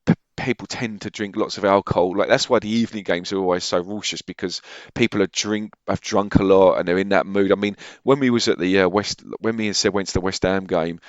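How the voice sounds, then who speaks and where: A man's voice: deep voice, steady tone, a little fast, few pauses, no room sound, lo-fi sound. A man, co-hosting a football podcast in rambling casual chat, often correcting himself. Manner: rambling, with many self-corrections. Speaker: podcast co-host.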